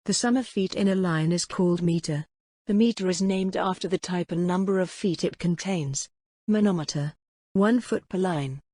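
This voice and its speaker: A woman reading scripted educational narration in a measured, explanatory way, like a teacher. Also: on the low side, mellow, no room sound, studio quality.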